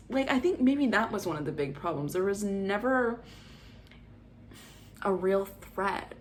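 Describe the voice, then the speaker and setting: A woman's voice: medium pitch, unhurried, long pauses. Exasperated young woman ranting about films. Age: 20s. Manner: animated, exasperated rants. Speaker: vlogger. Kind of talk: casual movie review monologue.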